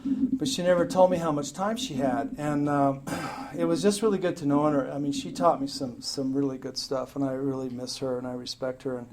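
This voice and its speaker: A man's voice: mid-range voice, fairly even intonation, a little fast, a little mellow. A middle-aged man from Utah sharing his recovery story at a meeting, frank and profane, often laughing at himself. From Salt Lake City, Utah, US. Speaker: AA meeting speaker. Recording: hissy amateur meeting tape.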